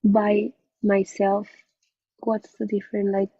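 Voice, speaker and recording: A woman's voice: medium pitch, completely flat delivery, slow, no echo, lo-fi sound. A woman student asking her teacher a question in an online class, hesitant and searching for words.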